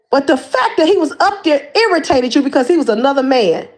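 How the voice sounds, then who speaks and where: A woman's voice: sits high, expressive, a little fast, hardly any pauses. Fired-up woman ranting on a livestream. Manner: confrontational, repeats words and restarts. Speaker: livestream host. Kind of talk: heated livestream rant.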